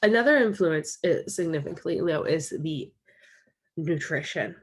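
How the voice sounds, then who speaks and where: A woman's voice: deep voice, animated, normal speed, husky. A woman explaining a topic as a college lecturer in a recorded lecture, walking through slides and recapping key points.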